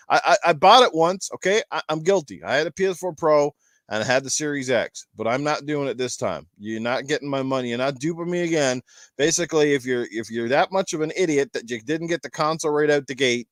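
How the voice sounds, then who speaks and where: A Canadian podcast host leads a casual gaming podcast panel, rambling off into joking rants. His medium-pitched voice is studio quality, with no room sound.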